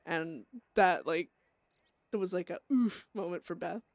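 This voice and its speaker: A woman's voice: fairly low pitch, unhurried, vocal fry, dry recording. A young woman streamer casually recapping a roleplay scene, rambling with lots of fillers and swearing.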